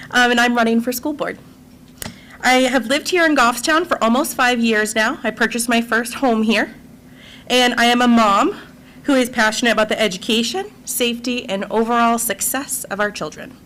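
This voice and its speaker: A woman's voice: on the high side, fairly bright tone, poor audio. A woman, a school board candidate, giving an earnest and emotional prepared campaign speech to a local audience.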